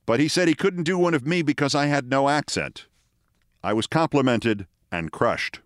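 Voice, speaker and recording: A man in his sixties from the Bronx, with no regional accent, telling a scripted story as a host in a wry, deliberate manner. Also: mid-range voice, dry recording, studio quality. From the Bronx, New York. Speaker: host, commentator.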